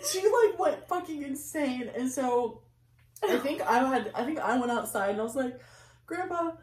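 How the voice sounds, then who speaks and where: A young woman co-hosting a podcast, telling stories in casual chat, swearing freely and breaking into loud quoted outbursts. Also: high-pitched, normal speed. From California. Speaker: podcast co-host. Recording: echoey room, mic at a distance.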